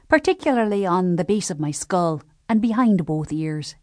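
A woman narrating a historical novel as an audiobook, telling the story in a measured, gentle first-person voice. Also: fairly low pitch, expressive, dry recording, clean studio sound.

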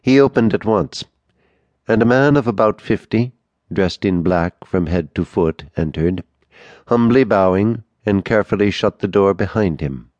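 A man narrates an audiobook in a steady, measured way. His voice is very low and deep. It is recorded close on a studio mic, with a dry sound and no room echo. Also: dull audio. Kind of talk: scripted narration.

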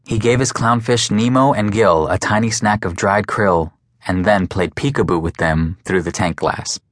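A man narrating an audiobook in a measured, even storytelling manner, close to the mic. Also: lowish voice, no room sound. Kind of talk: scripted narration.

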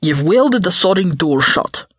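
A woman's voice: fairly low pitch, expressive, a little slow, slightly rough, no echo, clean studio sound. A woman voicing a paunchy, bald middle-aged man who grumbles and complains in an audiobook. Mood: indignant. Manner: grumbling, indignant.

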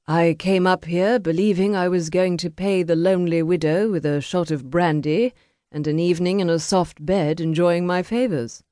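A woman narrator voicing a weary, defiant male gentleman who answers a gunman calmly, in an audiobook. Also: on the low side, normal speed, no echo, clean studio sound, natural voice. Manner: calm, unapologetic, bold. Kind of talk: audiobook character voice.

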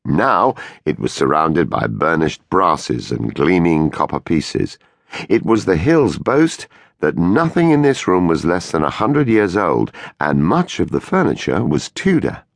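Male thriller narrator: very deep, lively melody, dry studio sound, measured and suspenseful. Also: gravelly, dry recording. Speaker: audiobook narrator. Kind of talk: scripted audiobook narration. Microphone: close studio mic.

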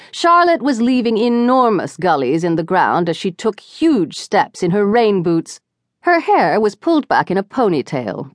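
A woman narrates a novel with an expressive, lively pitch that rises and falls through each sentence. The recording is dry and close, like a studio booth. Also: no room sound. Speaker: audiobook narrator. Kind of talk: scripted narration.

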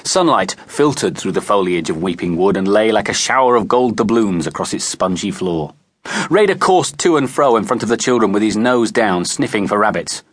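A man reads a children's adventure aloud with expressive storytelling. His voice sits on the low side but rises and falls freely. The studio sound is close and dry. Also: no echo. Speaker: audiobook narrator. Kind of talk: scripted narration. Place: recording studio. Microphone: close studio mic.

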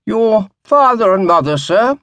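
A man's voice: sits high, expressive, a little slow, fairly bright tone, no echo, highs cut off, pitched above the performer's own voice. A man voicing a timid, plaintive old male butler who fusses over his master. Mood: fussing. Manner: plaintive, fussing.

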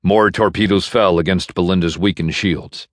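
A man narrating an audiobook in a measured, even storytelling manner, recorded in a studio. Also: sits low, no echo. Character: bitter man navigator. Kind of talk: scripted narration. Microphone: studio microphone.

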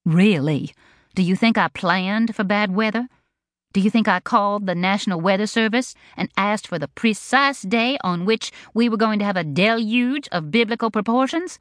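A woman's voice: mid-range voice, moderate pace, no echo, clean studio sound, pitched above the performer's own voice, natural voice. A snappish superstitious bride, as a woman puts her on. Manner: snappish and dramatic.

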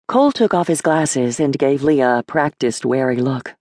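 A woman narrating a novel in a measured, even manner with a lowish voice. The recording is close and completely dry, with nothing behind it. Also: no room sound. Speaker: audiobook narrator. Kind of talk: scripted narration.

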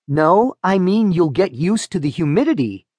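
A man voicing a calm, practical mother who speaks patiently and soothingly. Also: fairly low pitch, normal speed, breathy edge, no echo. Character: calm practical mother, a vet, middle-aged.

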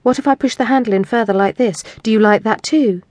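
A woman's voice: on the high side, fast, darkish tone, no room sound, close to an everyday voice. A woman narrator voicing a stern, commanding woman in an audiobook, giving curt, clipped orders.

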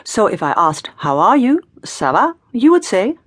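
A woman's voice: medium pitch, big pitch swings, moderate pace, a bit bright, husky, no echo. Woman teacher voice, very sing-song, dry studio sound, cheerful prompts. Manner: encouraging, playful teacher prompts. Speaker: language teacher. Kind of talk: scripted audiobook lesson.

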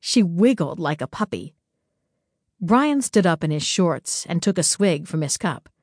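A woman narrator reading a first-person story in a slightly low voice. Her pace is very slow and intimate, and the studio sound is close and dry with no room at all. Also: big pitch swings, darkish tone, no echo. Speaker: audiobook narrator.

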